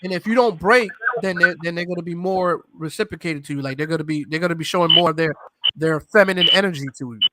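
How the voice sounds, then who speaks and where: Man, casual host, emphatic, high-pitched. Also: fast talker, noisy background. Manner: agreeable, chiming in, emphatic. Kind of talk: casual chat.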